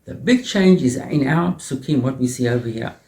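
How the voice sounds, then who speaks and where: A man teaching a Torah lesson as a rabbi in an animated way, often repeating words and mixing in Hebrew terms. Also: medium pitch, normal speed, echoey room.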